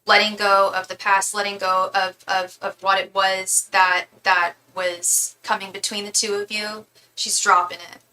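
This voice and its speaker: A woman's voice: mid-range voice, level tone, unhurried, pushed and bright, slight background noise, rough recording. A woman giving a live tarot reading, emotional and close to tears, often repeating and restarting her words. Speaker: tarot reader.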